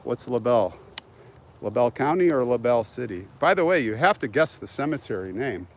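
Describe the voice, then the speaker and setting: A middle-aged man hosting a live cemetery walk outdoors, reading chat guesses aloud and teasing viewers with hot and cold hints. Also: medium pitch. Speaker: channel host.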